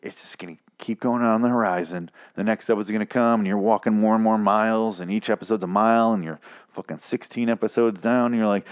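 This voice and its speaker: A man's voice: fairly low pitch, steady tone, fast talker, clear, resonant tone. A man hosting a podcast alone, recapping a TV episode in a rambling, sarcastic, heavily profane way, close on the mic. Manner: rambling, sarcastic, swears a lot, jumps into exaggerated outbursts. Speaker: podcast host reviewing a TV show. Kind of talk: casual profane solo recap.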